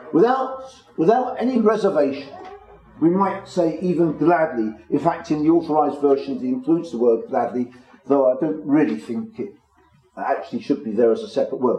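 Male preacher, measured Bible teaching, mellow tone, echoey room. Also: a little high, a little hiss or hum. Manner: measured, explanatory, stresses key words. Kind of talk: Bible teaching to a small congregation. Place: room with a small gathering.

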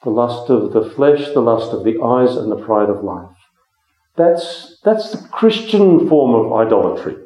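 A man's voice: mid-range voice, lively intonation, measured pace, warm tone. A man preaching a Bible teaching sermon in a conversational way, with frequent ums and restarts. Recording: echoey room, dull lo-fi sound.

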